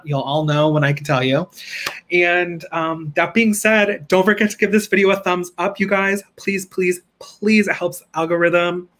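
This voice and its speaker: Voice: medium pitch, fairly bright tone. A reselling livestream host chatting casually with viewers, bubbly and laughing often, pleading playfully for likes.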